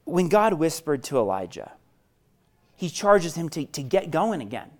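Expressive male pastor dropping to hushed tones. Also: on the high side, unhurried. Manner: expressive, swings from loud emphasis to hushed near-whisper; conversational asides to listeners. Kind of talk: sermon.

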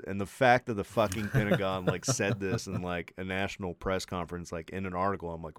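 A man's voice: on the low side, steady tone, moderate pace, hardly any pauses, fairly bright tone, clear, resonant tone, no echo, clean studio sound. A man with a cold and a congested voice, co-hosting a podcast in profane, joking casual chat. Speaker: podcast co-host.

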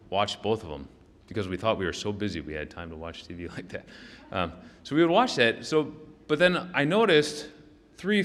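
Preaching in a large hall with long reverb, this pastor speaks in a lowish, fairly bright voice. His delivery is loose and conversational, full of restarts and fillers, and he frequently checks in with his congregation.

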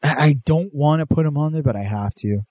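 A man's voice: fairly high pitch, fairly quick, dark tone, dry recording. A man co-hosting a podcast in casual chat, joking and swearing often. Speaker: podcast co-host.

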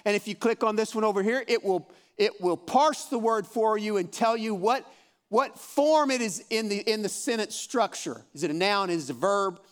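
A man's voice: high voice, normal speed, clear, resonant tone. A man in his fifties teaching a Bible study in a room with a live audience, speaking in an encouraging, folksy way and often repeating himself. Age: 50s.

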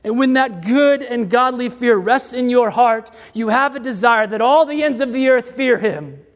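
A man preaching a sermon in a slow, deliberate way, with dramatic pauses and repeated refrains. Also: very high voice, long reverb tail.

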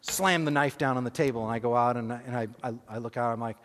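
A man preaching, telling a personal story with animated, self-deprecating humor and acting out scenes. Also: mid-range voice, fast talker, hardly any pauses, long reverb tail. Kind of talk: sermon storytelling.

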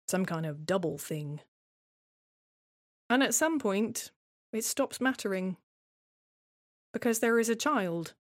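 A woman's voice: mid-range voice, a little mellow, no room sound, studio quality. A woman performing a scripted first-person monologue in a wry, reflective, conversational way.

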